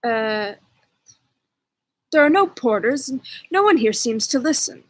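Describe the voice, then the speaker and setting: A woman's voice: fairly high pitch, expressive, a little slow, no echo. A woman reading the part of an anxious, haggard young male French tutor, courteous and hesitant.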